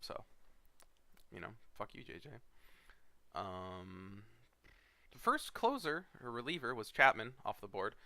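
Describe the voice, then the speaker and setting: A man's voice: on the low side, very animated, a little slow, gravelly, long pauses, pushed and bright, dry recording. A young man, a fantasy league commissioner, rambling through a casual recap with lots of fillers and blunt, profane asides, sleepy and yawning. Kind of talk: casual screen-share commentary.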